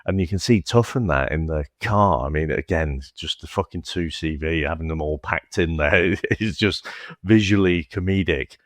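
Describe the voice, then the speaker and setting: A man's voice: low-pitched, normal speed, no echo. A man with a Northern English accent co-hosting a film podcast, talking things through thoughtfully, with stammered starts and casual swearing. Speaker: podcast co-host. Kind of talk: casual film review chat.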